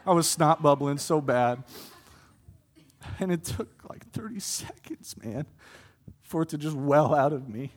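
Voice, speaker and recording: A young adult man giving a sermon testimony, earnest and building to impassioned pleas with swings in loudness. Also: fairly high pitch, measured pace. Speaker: preacher.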